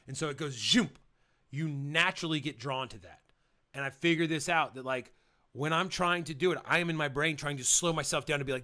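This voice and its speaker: A man teaching project managers how to present, talking casually and energetically, switching between quick rambling and slow, emphatic lines. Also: a little high, bright, forceful tone. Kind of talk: casual motivational lesson.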